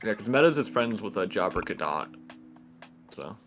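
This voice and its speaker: A man chatting casually as a guest, rambling in a relaxed way with lots of filler words. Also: on the low side, moderate pace, faint music behind. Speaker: guest co-host. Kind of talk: casual chat.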